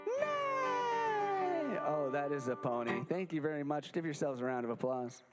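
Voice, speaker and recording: Over loud music in a big room, a young man runs a playful children's show at a library, complete with a sing-along. His mid-range voice moves fairly quickly, and he stays goofy, animated and jokey with the kids.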